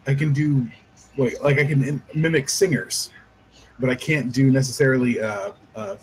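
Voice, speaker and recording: A man's voice: mid-range voice, fairly even intonation, moderate pace, low-quality recording. Hesitant man with a faint hiss behind. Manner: hesitant, repeats words and restarts a lot. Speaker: podcast guest. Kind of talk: casual live-stream chat.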